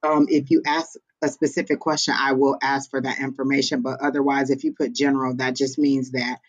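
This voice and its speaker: A woman's voice: rumbling low, level tone, a little fast. A woman in casual chat, asking questions and explaining things plainly. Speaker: psychic reader and co-host. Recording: dull lo-fi sound.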